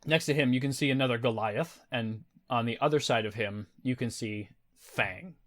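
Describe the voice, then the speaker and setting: Dm guy describing the scene to his players, kinda teasing, mid-pitch voice. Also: moderate pace, a bit bright. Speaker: game master. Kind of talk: narrating a tabletop game.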